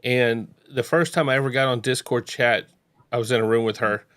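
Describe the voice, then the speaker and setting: A man's voice: mid-range voice, steady tone, a little fast, a bit bright. A man hosting a casual chat show, talking in a rambling way with many restarts. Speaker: podcast host. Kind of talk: casual chat reacting to court videos.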